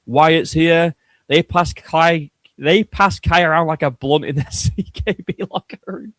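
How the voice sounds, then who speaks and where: A man hosts a casual livestream. He jokes crudely and rambles from one thought to the next. His voice sits a little high, and the recording is dry with no room echo. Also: a little slow, fairly bright tone. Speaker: streamer host.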